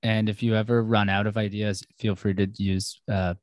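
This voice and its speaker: A man's voice: on the low side, level tone, normal speed, dry recording, studio quality. A man hosting a podcast, joking around in casual chat. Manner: jokey, playful. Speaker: podcast host.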